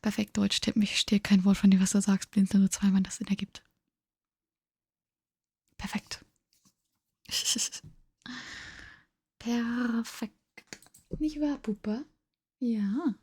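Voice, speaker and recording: A tired woman chatting in a breathy whisper during an ASMR livestream, switching between two languages. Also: mid-range voice, monotone, moderate pace, long pauses, a little mellow, no echo. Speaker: ASMR streamer.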